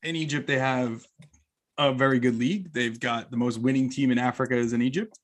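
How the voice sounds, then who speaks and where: A man's voice: medium pitch, fairly even intonation, fairly quick. A man in his thirties hosting a podcast, chatty and enthusiastic as he builds long questions for his guest. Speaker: podcast host. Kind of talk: casual interview.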